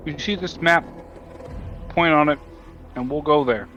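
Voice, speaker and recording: A man's voice: on the high side, a little slow, sharp tone, faint music behind. A man playing in a tabletop game who talks casually, bluntly and with profanity. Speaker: player. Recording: muffled mic with faint noise.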